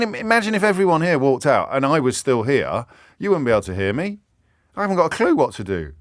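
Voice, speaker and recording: Playful radio host, dry studio sound. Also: male voice, medium pitch, no echo. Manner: playful, self-mocking, rambling. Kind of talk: casual radio chat. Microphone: studio microphone.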